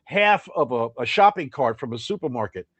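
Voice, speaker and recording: A man's voice: medium pitch, brisk, dry recording. An older man, a guest musician, telling long rambling anecdotes in a casual interview. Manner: rambling, animated storyteller.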